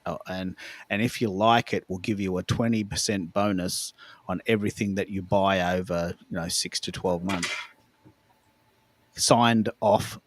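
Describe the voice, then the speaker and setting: A man imitating the low tune of a Scottish-sounding gentleman, reading a letter slowly and measuredly. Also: fairly even intonation.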